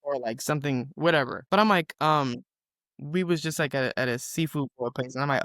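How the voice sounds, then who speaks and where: A woman from the Southern United States, co-hosting a podcast and telling stories in an animated, profane, chatty way. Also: low voice, fairly quick, no room sound, studio quality. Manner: self-described yapper, animated and profane storytelling. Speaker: podcast co-host. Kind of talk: casual chat.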